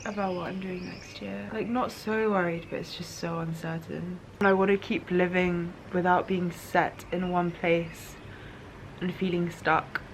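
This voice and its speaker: A woman's voice: lowish voice, a little hiss or hum. Musing, emotional young woman vlogger. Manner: emotional, musing, tearful at times. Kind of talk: reflective voice-over diary.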